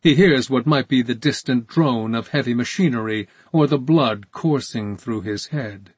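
A man reading a story aloud in a measured, calm narration. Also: mid-range voice, breathy edge, dry recording. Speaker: audiobook narrator. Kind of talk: scripted narration.

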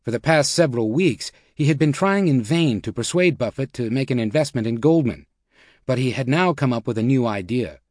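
A man's voice: mid-range voice, expressive, brisk, a little mellow, dry recording, studio quality. Man narrating a nonfiction audiobook.

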